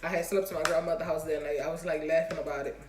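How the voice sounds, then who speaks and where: A woman's voice: low-pitched, little pitch movement, rapid-fire. A woman telling a storytime story on her vlog in a chatty, slangy way, laughing often. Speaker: vlogger. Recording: roomy echo, faint music.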